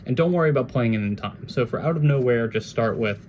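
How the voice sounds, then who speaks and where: A man with a mid-range voice talks fast and conversationally while giving a relaxed jazz guitar lesson, now and then scatting melodies. There's slight background noise.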